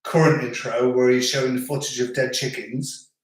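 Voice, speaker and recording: A livestream host chats casually, reading viewer comments aloud in a joking, rambling style full of restarts. His voice sits at medium pitch with little movement, at a normal speed, and the room sounds echoey.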